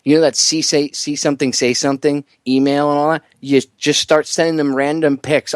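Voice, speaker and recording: Radio host guy chatting, gets loud and squeaky when joking around, dry close mic. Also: a little fast, few pauses, clear, resonant tone, no echo. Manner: animated, voice jumps high when joking. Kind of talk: casual talk radio chat.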